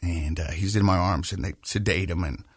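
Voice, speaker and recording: A man with a husky, slightly rough voice tells a personal story in a relaxed podcast chat. He speaks haltingly and keeps repeating small words as he searches for the next thought. The sound is close and dry, with almost no room around it. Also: low voice, dry recording. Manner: halting, repeats words while telling, laughs through lighter moments. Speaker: podcast host.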